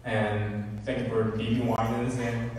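A man with a Korean accent, a visiting gospel singer, speaking shy, apologetic, halting English. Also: mid-range voice, level tone, a little mellow. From South Korea. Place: large church sanctuary before a congregation. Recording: echoey church hall, distant mic, crowd.

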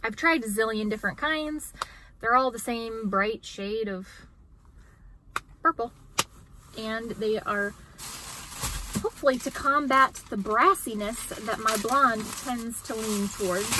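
A woman in her thirties chatting casually in a haul vlog, self-mocking and quick to laugh. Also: on the high side, noisy background. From United States. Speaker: vlogger.

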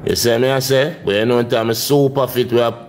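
A man with a Jamaican accent chatting on a casual livestream, playful and teasing, sometimes dropping into a low murmur. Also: steady tone, brisk, slight background noise. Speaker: livestream host.

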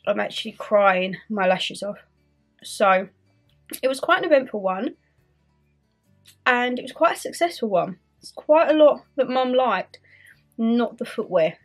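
Young Northern English woman vlogging at home, high-ish voice, chatty and self-mocking, soft music underneath. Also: animated, measured pace, pauses often. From Northern England. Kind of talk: casual vlog chat.

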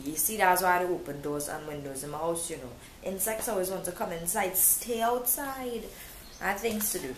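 A woman's voice: on the low side, a bit bright. Chatty young woman vlogging. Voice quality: self-described pompous-sounding accent. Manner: chatty, rambling, many ums and trailing restarts. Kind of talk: casual chat to camera. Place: living room at home. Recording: roomy room with faint background noise.

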